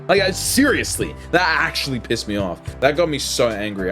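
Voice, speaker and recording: A young man livestreaming, ranting casually to his chat in an animated, heavily profane, slangy way. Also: mid-range voice, normal speed, hardly any pauses. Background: music.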